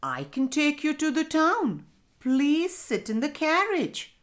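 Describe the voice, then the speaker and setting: A woman's voice: mid-range voice, very animated, slow, pushed and bright, exaggerated voice. A woman voicing a polite, friendly coachman in a children's storybook. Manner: polite, cheerful.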